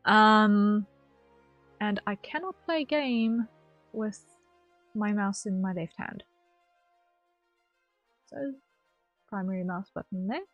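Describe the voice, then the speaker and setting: A woman's voice: medium pitch, takes it slowly, long pauses, dry recording, lo-fi sound, faint music behind. Rambling young woman streaming a game. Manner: rambling, self-correcting, laughs at herself. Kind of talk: casual gameplay commentary.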